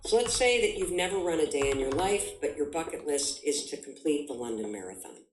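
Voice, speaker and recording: A woman's voice: low voice, lively intonation, fairly quick, roomy sound, a little hiss or hum, rough recording. A woman giving an emphatic motivational talk as a guest, full of vivid examples. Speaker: guest speaker.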